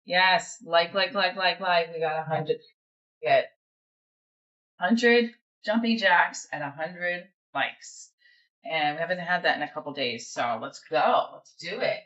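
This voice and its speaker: Brief: chatty New Jersey woman hosting a home livestream, lowish voice, muffled phone sound. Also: unhurried, a bit bright. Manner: chatty, rambling, many fillers and restarts. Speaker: livestream host. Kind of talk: casual livestream chat. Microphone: phone camera.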